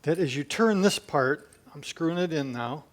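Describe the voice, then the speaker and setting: High-voiced man tinkering, chatting to himself. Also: animated, moderate pace. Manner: chatty, talks to himself while working. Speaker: DIY video maker. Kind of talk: hands-on repair demonstration. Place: home gym.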